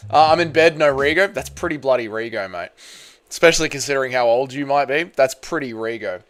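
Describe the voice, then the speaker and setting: A man's voice: medium pitch, a little fast, a bit bright. An Australian man in young adulthood hosting a casual live stream, chatty and upbeat, greeting viewers by name as he rambles.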